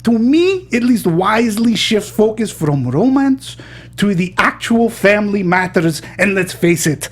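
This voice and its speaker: A man hosting a movie review panel in casual chat, playful and halting with many restarts and fillers. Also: high-pitched, husky. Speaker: movie review show host.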